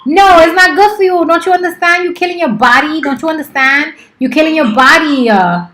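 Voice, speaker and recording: A woman's voice: high-pitched, expressive, a little fast, a bit bright, roomy sound. A woman in her thirties chatting casually on a live stream, playful and teasing, swearing freely. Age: 30s. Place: office.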